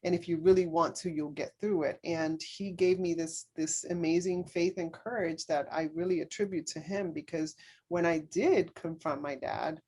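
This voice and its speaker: A woman speaking as a podcast guest, telling a personal story in earnest, halting speech full of fillers and restarts. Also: fairly low pitch, fairly even intonation, darkish tone, breathy edge. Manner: earnest, speaks openly about faith.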